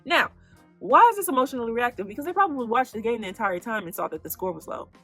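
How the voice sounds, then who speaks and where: A woman hosting a faith-based self-help podcast who teaches in an animated way, asking the listener questions and then answering them herself. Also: a little high, quick pace, husky, faint music behind. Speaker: podcast host.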